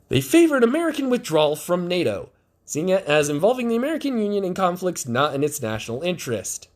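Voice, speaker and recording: A male podcast host giving sarcastic, profane political commentary. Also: a little high.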